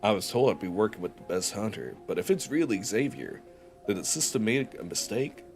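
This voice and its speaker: A young man from Georgia with a Southern US accent, a streamer who chats casually and reads a game story aloud slowly. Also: on the low side, lively intonation, darkish tone, soft background music. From Georgia, USA. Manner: chatty, joking, slow and deliberate when narrating.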